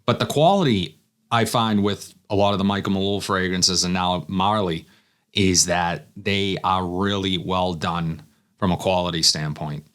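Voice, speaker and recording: A man with a fairly low voice talks through his first impressions of fragrances. He sounds relaxed and thinks aloud as he goes. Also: a little slow. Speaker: fragrance reviewer. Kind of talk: casual first-impressions review.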